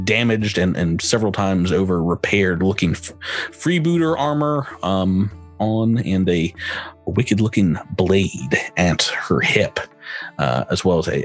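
A husky-voiced man narrating a tabletop game as game master. He laughs easily and fills his pauses with um and uh, with faint music behind him. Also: sits low. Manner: laughing easily, halting with fillers.

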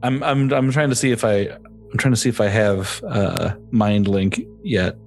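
A man's voice: fairly low pitch, moderate pace, soft background music. Hesitant man playing a tabletop game. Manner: hesitant, playful, many fillers. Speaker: player. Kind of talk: casual tabletop game chat.

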